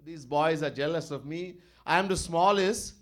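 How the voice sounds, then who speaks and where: A man voicing a tiny boy god, indignant and pleading. He sounds aggrieved by the older boys and keeps his tone bright and high. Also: normal speed, background noise, natural voice. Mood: complaining. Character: mischievous little boy god, youngest brother.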